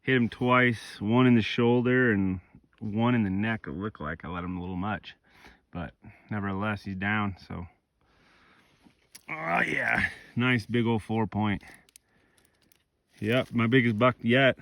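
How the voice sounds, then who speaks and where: Excited, swearing man outdoors. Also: fairly low pitch, measured pace, gravelly, pauses often, no echo. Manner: excited, emotional, swears freely. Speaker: hunter filming himself. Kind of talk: casual outdoor vlog storytelling. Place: outdoors in remote mountain country.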